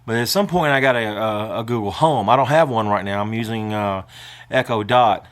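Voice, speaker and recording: A man's voice: fairly low pitch, moderate pace. An older man vlogging in a casual, rambling way, emotional and prone to choking up as he talks.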